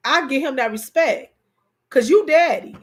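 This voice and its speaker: A woman's voice: high-pitched, expressive, normal speed. A woman co-hosting a casual chat, telling stories animatedly, repeating phrases for emphasis and talking straight to her audience. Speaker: co-host.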